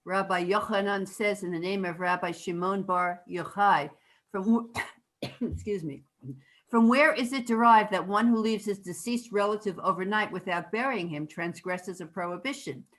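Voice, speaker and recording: A woman, a student in a class, reading a religious text aloud with steady care. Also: medium pitch, normal speed, poor audio.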